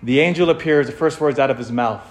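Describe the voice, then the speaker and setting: A male preacher tells a story dramatically, dropping to near silence and then building up loud. His voice sits at an ordinary middle pitch. The sound echoes around the room. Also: fast. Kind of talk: sermon.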